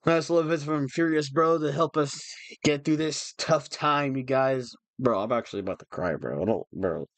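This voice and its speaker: A man's voice: medium pitch, lively intonation, a little fast, no echo. A young man chatting on a livestream, emotional and rambling, restarting his sentences often. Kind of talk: casual livestream chat.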